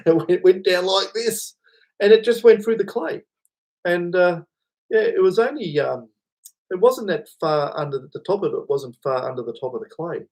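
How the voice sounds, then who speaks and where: A man's voice: fairly high pitch, a little mellow. A man hosting a casual livestream, rambling, chuckling and answering chat comments. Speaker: livestream host.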